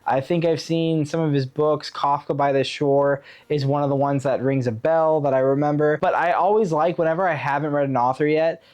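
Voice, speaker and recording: A man chatting casually on his book vlog, enthusiastic and rambling with fillers, pitching his summer reading picks. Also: fairly even intonation, brisk, hardly any pauses, a little mellow. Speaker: book vlogger. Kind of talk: casual chat. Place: Oregon.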